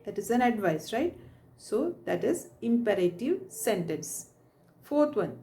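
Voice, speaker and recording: A woman's voice: mid-range voice, animated, moderate pace, dark tone, far from the mic. A woman teacher explaining grammar step by step and often asking checking questions like "right?" to her pupils. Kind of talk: recorded grammar lesson. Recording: echoey room, voice off mic.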